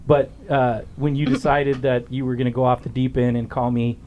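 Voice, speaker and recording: A middle-aged man hosting a podcast interview, telling stories in a blunt, profane, animated way. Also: mid-range voice, brisk, highs cut off, a little hiss or hum. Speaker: podcast host, former police officer. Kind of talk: casual storytelling interview.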